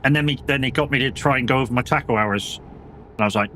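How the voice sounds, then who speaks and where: A young British man from the United Kingdom, medium-pitched and a bit bright, talks fast against slight background noise. Streaming a driving game, he chats casually and swears his way through rambling stories about old jobs.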